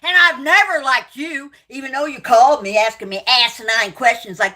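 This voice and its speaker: A woman's voice: high voice, normal speed, hardly any pauses, bright, forceful tone. A middle-aged woman, hosting a livestream and delivering an angry, profane rant full of insults. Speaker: livestream host.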